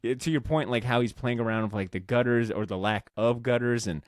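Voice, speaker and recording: Male podcast co-host, mid pitch, dry booth sound, excitable rambling fan energy. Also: a little fast, no room sound. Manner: rambling, animated, swears casually, lots of fillers. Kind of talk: casual chat about comics.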